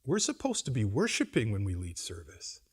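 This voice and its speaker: Animated pastor addressing students. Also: male voice, fairly low pitch, moderate pace, husky. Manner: animated, swinging between loud emphasis and quiet asides; wry humor and acted-out quotes. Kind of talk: conference address to seminary students. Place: seminary campus lecture.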